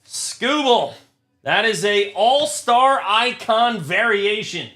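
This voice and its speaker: A man's voice: high-pitched, lively intonation, slow pace, bright, forceful tone. A young man hosting a live trading card break, talking to his chat, frustrated and swearing often. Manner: profane, frustrated, talks to chat.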